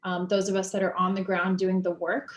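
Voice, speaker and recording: A woman in her thirties speaks in a chatty, heartfelt way and keeps her pitch level and steady. She is on a video call from a campus office, and the room gives her voice a clear echo. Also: a little fast. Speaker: board candidate. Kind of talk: casual virtual-event speech. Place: office at a campus cultural center.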